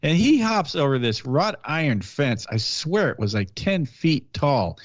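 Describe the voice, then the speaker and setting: A man who is a police officer, telling stories in a casual podcast chat, blunt and animated, acting out what people said. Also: fairly high pitch, unhurried, no echo. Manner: blunt, animated storyteller who acts out quotes.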